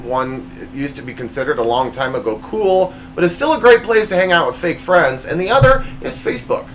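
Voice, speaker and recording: A man's voice: normal speed, music in the background. A man hosting his own comedy show, reading joke punchlines with playful swings in his voice. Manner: jokey, reads punchlines with big pitch swings. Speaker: show host. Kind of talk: comedy monologue.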